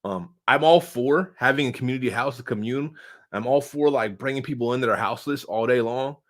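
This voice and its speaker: A man's voice: medium pitch, fairly quick. Slangy, rambling male commentator. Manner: loose and slangy, many fillers, sudden swings in loudness. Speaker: online commentator answering viewer comments. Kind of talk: casual unscripted political commentary.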